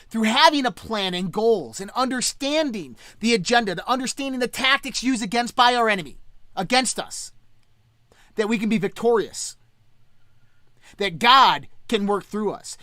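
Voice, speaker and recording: A woman's voice: mid-range voice, a bit bright, no room sound. A woman hosting a podcast, ranting in an impassioned, preachy way and swearing freely. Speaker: podcast host. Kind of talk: impassioned casual rant.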